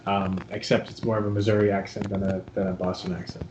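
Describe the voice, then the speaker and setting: A man's voice: on the low side, fairly even intonation, fast talker. Podcast co-host guy, wry jokey asides, dull lo-fi audio with a bit of hiss. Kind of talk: casual podcast chat.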